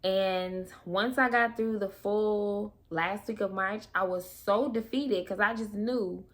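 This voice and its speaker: A young woman vlogging as a new mom, telling her birth story to camera in a chatty, expressive way with casual slang. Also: mid-range voice, slow.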